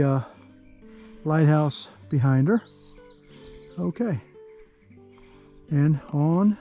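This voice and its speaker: Mellow-voiced man narrating his hike. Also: a little high. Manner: easygoing, chatty, thinks aloud with pauses. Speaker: travel vlogger. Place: outdoor canyon hiking trail.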